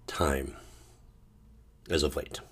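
A man hosting his own podcast, talking in a rambling, emotional way and feeling low, often restarting and sometimes bursting out loudly. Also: fairly even intonation, very slow, husky. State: low and sad. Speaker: podcast host. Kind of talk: casual solo monologue.

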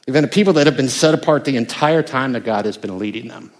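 A man's voice: mid-range voice, quick pace. An older American man, a pastor, preaching a conversational sermon with emphatic bursts. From United States.

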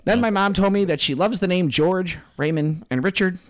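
A man's voice: sits high, a little slow, pitched above the performer's own voice. A man playing a pompous older male fantasy author in a goofy podcast impression. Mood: silly pompous. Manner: goofy, self-important joking.

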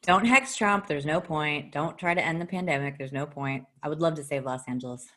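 A chatty woman with a notably low voice co-hosts a loose, casual talk show. She giggles often, swears freely and breaks into sudden bursts of excitement. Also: fairly quick. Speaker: podcast co-host. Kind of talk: casual chat.

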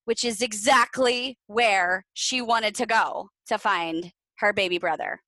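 A woman's voice: medium pitch, a little slow, vocal fry, few pauses, sharp tone, no room sound, rough recording. A woman co-hosting a podcast in casual chat, rambling, with lots of fillers. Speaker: podcast co-host.

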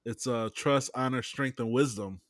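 Man, mid pitch, podcast co-host, easygoing, close dry sound. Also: normal speed, dry recording. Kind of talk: casual chat.

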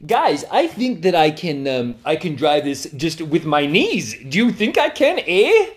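A man voicing a breezy, reckless Canadian man behind the wheel, in a deliberately exaggerated put-on Canadian accent with a high, drawling sound. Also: very animated. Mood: carefree.

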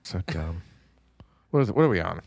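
A man's voice: sits low, sing-song, brisk, vocal fry, background noise. A man co-hosting a casual movie podcast, dry and dismissive, laughing along. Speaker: podcast co-host. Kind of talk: casual movie review chat.

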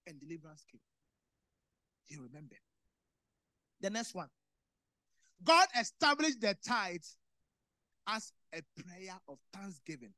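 A man from Ghana with a Ghanaian accent, preaching a sermon that swings between loud bursts and low quiet lines, repeating phrases. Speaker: pastor.

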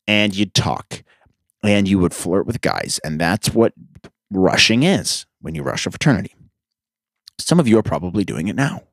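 Sarcastic, lively-voiced young man ranting. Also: lowish voice, no echo, clean studio sound. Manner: profane, sarcastic, rambling. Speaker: podcast host. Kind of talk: casual podcast rant.

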